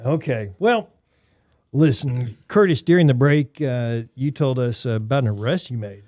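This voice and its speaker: A man's voice: medium pitch, animated, darkish tone, no echo, studio quality. A man hosting a podcast in casual chat, prompting his co-host with easygoing remarks. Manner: easygoing, prompting the guest with quick comments.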